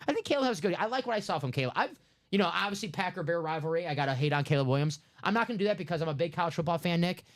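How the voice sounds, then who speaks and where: A man hosting a live sports card break stream, chatting casually and upbeat while pitching spots. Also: lively intonation, very fast. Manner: chatty, upbeat, sales patter.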